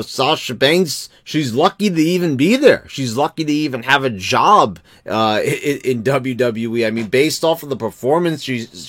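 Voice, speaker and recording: A man's voice: medium pitch, dry recording. Rambling, cursing man with dry sound. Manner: rambling, many restarts, profane. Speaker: wrestling commentary vlogger. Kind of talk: casual opinion rant.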